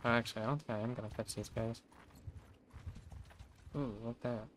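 A man's voice: mid-range voice, fairly even intonation, a little fast, a bit bright, a little hiss or hum. A man giving casual, profane, wry commentary to himself while streaming a video game.

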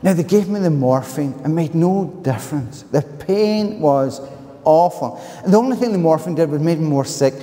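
A man with a Glaswegian accent preaching a sermon, telling a personal story in an animated way with loud, higher-pitched outbursts. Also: normal speed. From Scotland. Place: church. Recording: long reverb of a church hall.

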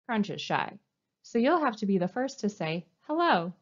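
A woman librarian reading a picture book aloud to young children, with an animated, coaxing sing-song delivery. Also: medium pitch, normal speed, dull audio. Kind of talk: storytime read-aloud.

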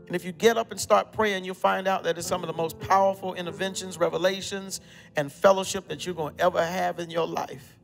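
A man preaching a sermon as pastor, emphatic, repeating phrases and dropping suddenly to a hush. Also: high voice, fairly even intonation, fairly quick, gravelly, long reverb tail, faint music behind. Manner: emphatic preaching with repetition and sudden drops to quiet.

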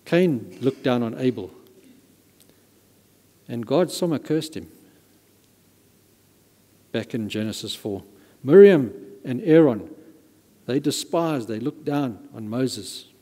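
A male pastor preaches with emphatic stress and repeats words to drive a point home. His voice is warm and mellow. The sound carries a long reverb from the church hall. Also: medium pitch, animated, slow pace, long pauses, slightly rough. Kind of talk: sermon.

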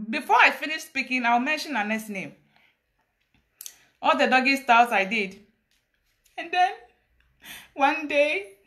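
A Ghanaian woman speaks in a high, bright voice on a live stream. She talks in a dramatic, preachy confessional style, switching between English and Twi. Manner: preachy, dramatic, laughing storytelling mixed with Twi. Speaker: livestreamer confessing. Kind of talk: Facebook live confessional monologue.

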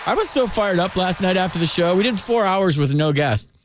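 A man hosting a sports radio call-in show, talking loosely and chattily with quick restarts, on a studio microphone. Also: high voice, animated, a little hiss or hum. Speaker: radio sports talk host. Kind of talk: casual radio chat.

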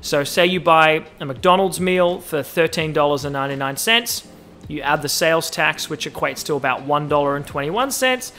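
A young Australian man hosting a casual solo podcast, talking in an animated, joking way and drawing out words when he lists things. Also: on the high side. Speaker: podcast host.

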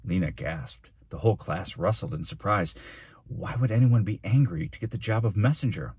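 A male teacher reading a chapter of a children's novel aloud in an even, steady storytelling manner. His voice is very low and husky, recorded dry and close. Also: moderate pace, dry recording.

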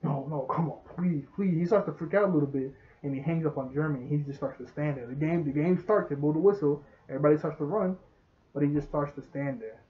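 A man with a slightly high voice talks fast as he casually recaps a show episode, chatty and laughing often. The recording has a tinny, phone-like sound.

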